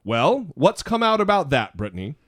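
A man co-hosting a podcast in casual chat, talking in an animated, self-deprecating, rambling way. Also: on the high side, moderate pace, no room sound, studio quality. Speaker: podcast co-host.

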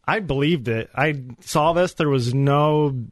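A man giving an earnest, animated personal faith testimony as a guest on a radio show. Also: on the high side, a little slow, dry recording. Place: radio studio.

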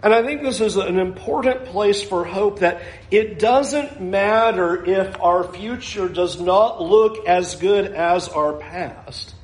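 A man with a notably high voice gives an earnest, reflective sermon, walking his listeners through scripture and pausing to let points sink in. His words ring out in a roomy, echoing space. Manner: earnest, reflective preaching with light chuckles. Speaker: preacher. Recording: echoey room.

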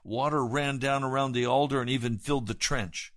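A man preaching a sermon, retelling scripture with dramatic emphasis and swelling loud at the high points. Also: steady tone, a little fast, no echo, clean studio sound.

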